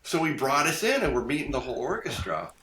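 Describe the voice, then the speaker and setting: Older guy telling stories on a podcast, animated, laughs a lot, kind of echoey room. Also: mid-range voice, quick pace. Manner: animated, acts out quoted voices, laughs often. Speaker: guest designer. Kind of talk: casual podcast storytelling.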